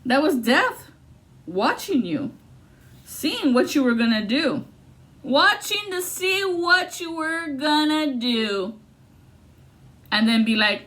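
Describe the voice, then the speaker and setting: Profane animated woman tarot reader. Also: slow pace, pauses often. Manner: profane, animated, swings between loud outbursts and low muttering. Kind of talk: casual tarot reading monologue.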